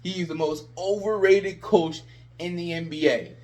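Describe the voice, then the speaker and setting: A man's voice: high voice, fairly even intonation, unhurried, darkish tone. A man ranting about his team in a sarcastic, exasperated vlog. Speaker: sports vlogger. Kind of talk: ranting fan commentary.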